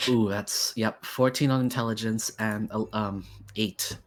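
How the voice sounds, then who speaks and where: A man's voice: lowish voice, fairly even intonation, slow. A man playing a tabletop game, talking casually with hesitant, self-deprecating remarks. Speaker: player.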